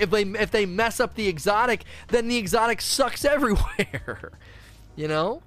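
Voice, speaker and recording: Man, gaming streamer, casual rambling chat, slightly high voice, faint music underneath. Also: normal speed, fairly bright tone. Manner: rambling, restarts often, acts out voices mid-rant.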